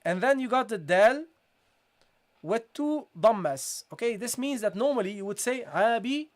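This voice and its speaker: A tajweed teacher walks through recitation rules in a live online lesson, circling back over each point. The teacher checks in often with the viewers and slows right down to draw out the recited examples. The voice sits at an ordinary middle pitch. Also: lively intonation. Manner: repeats points, keeps checking in with "okay?" and "guys"; switches between English explanation and slow, drawn-out recited demonstrations.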